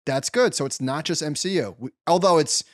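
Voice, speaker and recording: A podcast co-host with a slightly high voice talks fairly quickly, blunt and emphatic, swearing easily as the casual chat goes on. The recording is dry, with clean studio sound.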